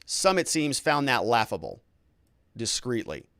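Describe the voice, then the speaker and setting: Guy doing legal commentary on a trial, lively swooping voice, bit high, super dry close mic. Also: measured pace, creaky, dry recording. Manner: animated, incredulous, acts out questions.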